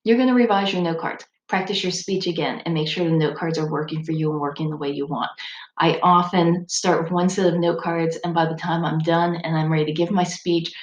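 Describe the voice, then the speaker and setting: In a recorded lecture, a speech instructor speaks a little fast in a low, steady voice, her tone conversational and explanatory with occasional ums. Dull audio, a roomy echo, and faint background noise mark the recording.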